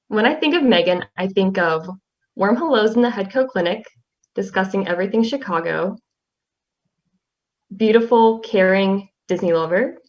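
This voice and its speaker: A young woman reads a tribute poem aloud, soft-spoken and halting, with fillers between phrases. Her voice sits at an ordinary middle pitch. The audio is slightly dull and lo-fi. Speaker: class representative.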